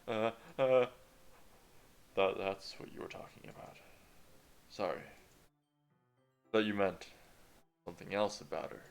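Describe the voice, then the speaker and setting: A man's voice: lowish voice, smooth. A man streamer reading a visual novel aloud with voices, joking and playful. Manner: joking, playful, quick to laugh.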